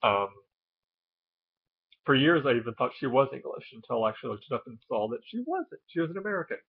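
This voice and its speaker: Man, casual explainer, hesitant, lots of ums, average pitch, dull lo-fi audio. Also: big pitch swings, fast, husky. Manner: hesitant, many ums and uhs. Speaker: video host.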